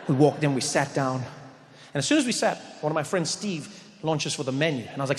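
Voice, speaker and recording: Comedian with a raised voice, echoey hall. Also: male voice, a little high, fast talker. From South Africa. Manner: storytelling, animated, acts out voices. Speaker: stand-up comedian. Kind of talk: stand-up comedy set. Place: stage in a large venue.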